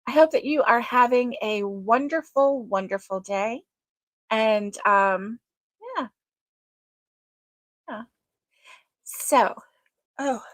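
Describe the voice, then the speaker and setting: A woman hosting a casual crochet livestream, chatting slowly with lots of ums and greeting viewers by name. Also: fairly high pitch, dry recording. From United States.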